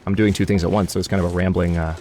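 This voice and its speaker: A man's voice: sits low, flat delivery, very fast, darkish tone, a little hiss or hum. A man hosting a let's play, rambling through gaming commentary and grumbling at the game in exasperated asides. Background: game music.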